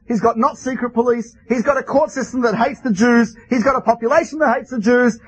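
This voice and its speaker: A man's voice: very high-pitched, a bit bright, slightly rough, full character voice. A man voicing a stubborn elderly rabbi who speaks firmly and insistently. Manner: firm, insistent.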